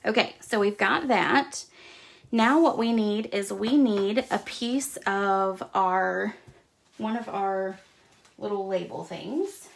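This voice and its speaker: A woman's voice: mid-range voice, takes it slowly, vocal fry, a little hiss or hum. A middle-aged woman hosting a live craft demonstration, chatting casually as she stamps, cuts and explains each step. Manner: chatty, talks while working with hands. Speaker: crafting host.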